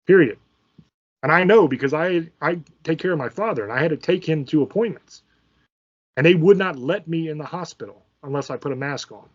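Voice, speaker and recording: A man's voice: fairly high pitch, darkish tone, highs cut off. Angry ranting man, profane and combative. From Virginia, USA. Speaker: channel host. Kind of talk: ranting political commentary.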